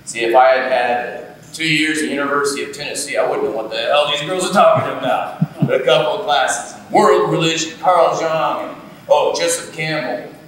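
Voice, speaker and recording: An actor performing a wry, conversational storytelling monologue live on a theatre stage. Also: male voice, a little high, moderate pace, fairly bright tone, a little hiss or hum, close to an everyday voice. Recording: live theatre, distant and echoey.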